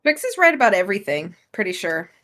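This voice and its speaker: A woman's voice: mid-range voice, very animated, quick pace, fairly bright tone. A young woman chatting casually while live-streaming a game, easygoing and laughing between thoughts. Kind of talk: casual let's-play chat.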